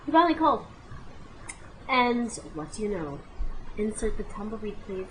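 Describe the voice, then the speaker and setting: A woman in her late twenties tells a funny story about her own life straight to the camera. She is animated and dramatic, tossing in exclamations and side remarks to the viewer. Her pitch sits in the middle range, with a faint hum of noise behind her. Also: moderate pace. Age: 20s. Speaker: vlogger. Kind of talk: comic personal storytelling to camera.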